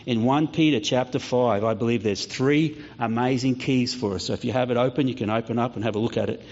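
A man's voice: mid-range voice, a little fast. A man preaching a sermon, telling stories and acting out voices along the way. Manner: storytelling preacher, acts out voices, lively. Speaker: pastor. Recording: slightly dull lo-fi sound.

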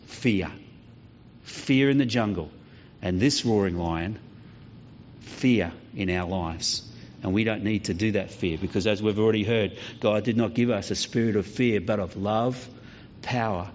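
A low-leaning male voice preaches over slight background noise. This pastor is a lively storyteller who acts out voices in his sermon, and the lo-fi recording comes across slightly dull.

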